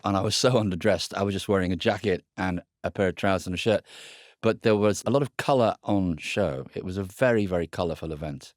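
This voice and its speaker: An older man, co-hosting a podcast, teasing with deadpan jokes. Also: sits low, no room sound, studio quality. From England. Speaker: podcast co-host. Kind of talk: casual chat.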